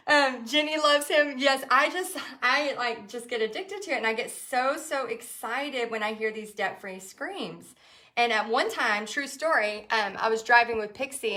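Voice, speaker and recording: A woman's voice: a little high, a bit bright. A woman, chatting in a rambling, emotional way with many fillers while she paints live for viewers. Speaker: painting instructor hosting a live stream.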